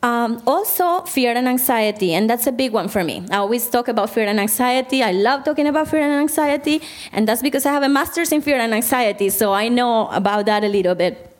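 A woman's voice: fairly high pitch, a little fast. A woman therapist giving a Christian counseling talk to a group, speaking conversationally and often putting questions to her listeners. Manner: conversational, asks the audience questions.

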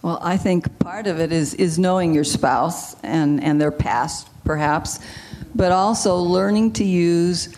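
A woman guest, a marriage counselor, giving advice in a measured way and explaining with example phrases. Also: lowish voice, darkish tone, slight background noise.

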